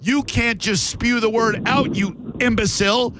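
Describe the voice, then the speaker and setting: A man's voice: very high voice, unhurried, noisy background. A man hosting a call-in radio show, brash and condescending, trading insults with callers. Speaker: radio host.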